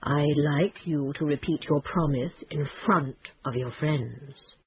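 A woman voicing a stern, measured older male badger in a storybook reading. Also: breathy edge, no room sound, narrow, tinny audio, heavily acted. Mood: firm. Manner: low, measured and firm.

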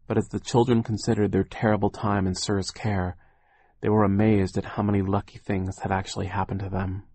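A man's voice: low-pitched, darkish tone, no echo. A man narrating an audiobook in a wry, mournful storytelling manner.

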